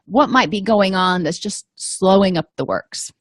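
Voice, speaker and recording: Calm woman giving advice, dry sound. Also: medium pitch, a little slow, no echo. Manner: calm, explanatory, with frequent ums and you-knows. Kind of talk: casual advice talk.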